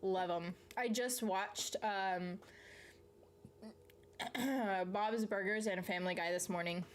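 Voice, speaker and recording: A woman's voice: mid-range voice, fairly even intonation, slow, a little hiss or hum. A woman from the South, chatting casually on a live stream, reading out viewer comments and answering them in a rambling way, swearing freely and laughing mid-sentence. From Southern United States.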